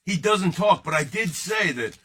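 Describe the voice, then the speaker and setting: Bright-voiced joking man streaming live. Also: high voice, lively intonation, normal speed. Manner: joking, rambling, talks to chat. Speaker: host of a card-breaking livestream. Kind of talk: casual livestream chat.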